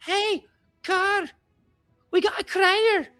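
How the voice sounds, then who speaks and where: A man voicing an eager, cheerful young orc boy with a shrill, excited voice. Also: measured pace, full character voice.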